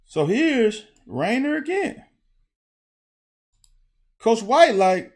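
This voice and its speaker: With a high-pitched voice, this young ex-player turned football analyst goes over game film in a relaxed way. His stories are animated and full of swearing, and he laughs quickly as he talks.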